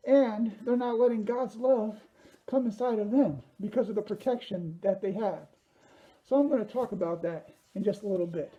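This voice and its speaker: A woman's voice: medium pitch, normal speed, warm tone, muffled recording. A woman giving an upbeat children's sermon, talking straight to young viewers. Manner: upbeat, talks directly to kids.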